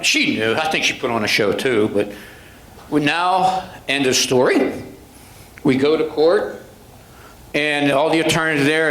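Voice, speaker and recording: A man's voice: medium pitch, a bit bright. An older man, a police sergeant, telling a story to a club and acting out what a judge and attorneys said to him. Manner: retells dialogue, acting out voices of judges and attorneys. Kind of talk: anecdotal storytelling talk. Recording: echoey room.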